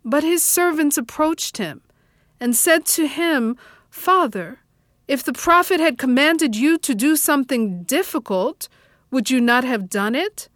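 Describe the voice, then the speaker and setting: Woman lector, slow and measured, higher voice, dry close sound. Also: animated, fairly bright tone, no echo. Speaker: scripture reader. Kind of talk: liturgical scripture reading.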